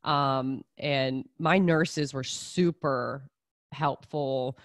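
A woman hosting a casual interview, chatty and quick to laugh, with many fillers. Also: rumbling low, fairly even intonation, no room sound, clean studio sound. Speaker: podcast host, physician assistant.

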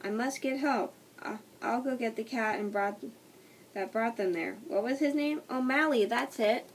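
A woman voicing a timid little male mouse who stays brave despite his nerves, speaking in a higher, hurried and halting way. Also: natural voice. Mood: worried. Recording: distant mic with faint noise.

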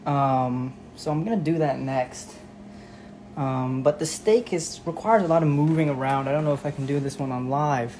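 A woman's voice: rumbling low, moderate pace, warm tone, a little hiss or hum. A woman hosting a casual live cooking stream from her home kitchen, talking on a phone camera in a chatty, rambling way that keeps correcting itself.

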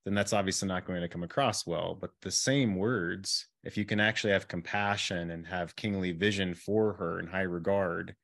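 A man with a very low, deep voice coaching on relationships. He talks in an animated way and slips into little acted-out example phrases as he explains. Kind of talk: coaching conversation.

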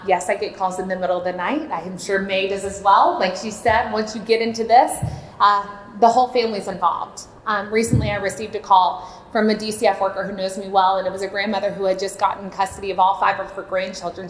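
A woman's voice: medium pitch, level tone, a little fast, a little hiss or hum. A woman in her late thirties from Florida gives a heartfelt personal testimony at a church seminar. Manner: earnest and heartfelt, speaking openly. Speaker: speaker, maternity home director. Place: church hall. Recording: echoey church hall.

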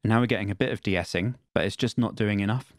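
A man with a deep, low voice walks through audio software settings in a plain, matter-of-fact tutorial manner. The recording is dry and close, with no room sound around the voice. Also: fast talker, dry recording. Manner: plain, matter-of-fact explaining with repeated test phrases. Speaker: music production tutor.

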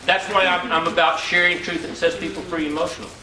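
A man's voice: a little high, little pitch movement, quick pace, pushed and bright. A man in his sixties giving an earnest motivational business seminar talk, repeating words for emphasis. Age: 60s. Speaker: seminar speaker. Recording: echoey hall, mic far off, faint ambient noise.

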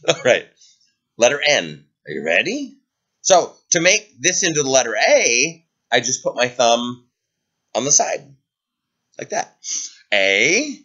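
Guy teacher doing circle time for little kids on a webcam, slow and singsongy, kinda muffled lo-fi audio. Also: mid-range voice. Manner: gentle, playful, sing-song talk to small kids. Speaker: preschool teacher. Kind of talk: circle time lesson for young children. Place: indoors, away from the classroom. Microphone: computer webcam.

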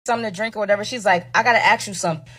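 A woman's voice: mid-range voice, very fast, a bit bright, slightly rough. A woman reading a dramatic story aloud, full of slang and asides to the viewers.

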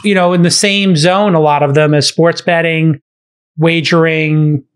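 A middle-aged man hosting a podcast, telling stories in animated, laughing casual chat. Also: on the high side, unhurried, smooth. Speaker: podcast host.

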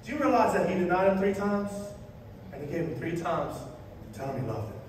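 A man from Florida preaches a sermon in a church, with a fairly high voice. He tells stories in a loose, conversational way with touches of humor. The sound is heavily echoey and comes from some distance off the mic. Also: animated, brisk, darkish tone. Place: church sanctuary. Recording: echoey hall, voice far from mic, faint noise.

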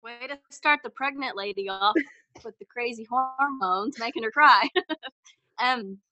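A woman tells her story on a conference call. Her voice is bright and a little high, and the sound is close and dry. She is chatty and self-deprecating and rambles with plenty of ums. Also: unhurried, dry recording, muffled recording. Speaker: newly promoted team member sharing her story.

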